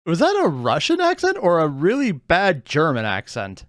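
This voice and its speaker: A man hosting a reaction channel, giving casual, wry commentary in an animated way. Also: a little high, normal speed, no room sound, clean studio sound. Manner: animated and wry, often laughing.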